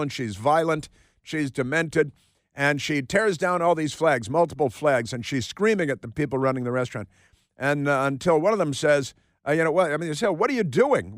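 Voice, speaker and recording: Guy doing talk radio, snarky and mocking, kinda high voice, dry studio sound. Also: dry recording. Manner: sarcastic, mocking, repetitive asides. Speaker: radio talk show host. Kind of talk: opinionated talk radio monologue. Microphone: studio microphone.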